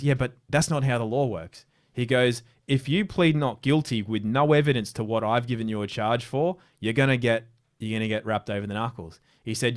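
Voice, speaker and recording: An Australian man, an interview guest, telling casual stories in a rambling way with many restarts. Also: medium pitch. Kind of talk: casual storytelling.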